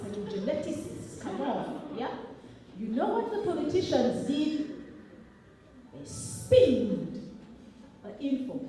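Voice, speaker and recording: A woman's voice: high voice, dark tone, slight background noise. Young woman from Uganda, an academic giving a fiery speech. Recorded from far off in a big echoey hall. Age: young adult. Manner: rhetorical, emphatic, with frequent "okay?" asides. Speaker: academic speaker. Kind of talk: impassioned public speech.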